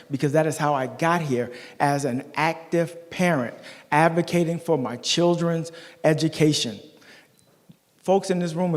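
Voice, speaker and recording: A middle-aged man giving an emphatic campaign speech as a school board candidate, telling stories and working the crowd at a community forum. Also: a little high. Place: large meeting hall. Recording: long hall reverb.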